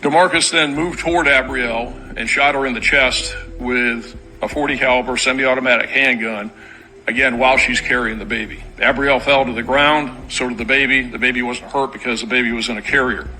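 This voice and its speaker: A man's voice: medium pitch, fairly even intonation, brisk, pushed and bright, poor audio. A man, a law enforcement spokesman, briefing reporters in a matter-of-fact way with dry sarcastic asides. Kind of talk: press briefing.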